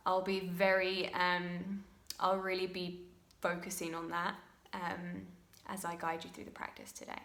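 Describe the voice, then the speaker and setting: A woman teaching a slow yoga class, moving from a loose chatty intro with fillers to soft, unhurried cues for breathing and poses. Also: lowish voice, little pitch movement. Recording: very echoey room with faint noise.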